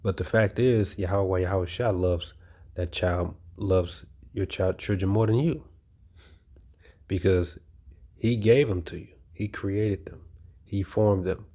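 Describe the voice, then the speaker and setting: A man with a very low voice preaches in a loose, conversational way. He leans on his points with emphasis and says many of them twice. He often checks in with "you know" as he goes. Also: slow, warm tone. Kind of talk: informal sermon.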